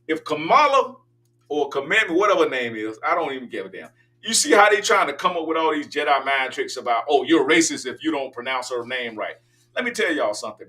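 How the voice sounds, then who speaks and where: An older man rants emphatically as he hosts his talk show, his voice bright and pushed. He sounds set back from a distant microphone. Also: fairly high pitch. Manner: emphatic, ranting, preachy. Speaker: political talk show host. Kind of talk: opinionated monologue.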